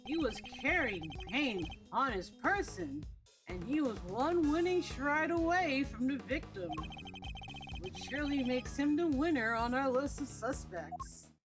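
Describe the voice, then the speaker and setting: A woman voicing a boisterous, self-assured male game character with a booming, showy courtroom manner. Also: animated, unhurried, music in the background. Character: boisterous, self-assured man who loves winning. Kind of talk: playing a video game character aloud.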